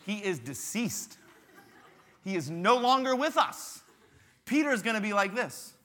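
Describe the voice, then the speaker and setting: Brief: playful pastor, high, bright voice, dramatic storyteller. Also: male voice, sing-song, a little slow. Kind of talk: sermon at a youth rally.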